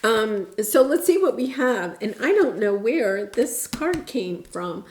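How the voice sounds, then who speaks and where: A woman's voice: fairly high pitch, sing-song, takes it slowly, reverberant, a little hiss or hum. A woman giving a casual tarot reading, talking in an earnest, reassuring way with many fillers and restarts. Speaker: tarot reader.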